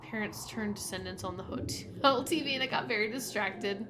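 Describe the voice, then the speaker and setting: A woman's voice: mid-range voice, normal speed, background noise. A woman giving casual commentary while playing a game, chatty and musing aloud. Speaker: gameplay streamer. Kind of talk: casual let's-play commentary.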